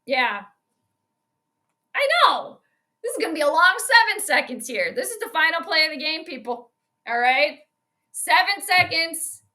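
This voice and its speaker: A woman giving chatty, excitable live commentary on a game during a stream, reacting loudly to each play. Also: high voice, measured pace, long pauses. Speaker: astrologer and sports streamer.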